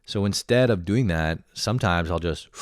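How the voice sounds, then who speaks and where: Casual podcast guy in his late twenties, kinda low voice, cussing and rambling and poking fun at himself. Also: measured pace, no echo, clean studio sound. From Canada. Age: late 20s. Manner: profane, rambling, self-mocking. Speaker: podcast host. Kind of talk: casual monologue.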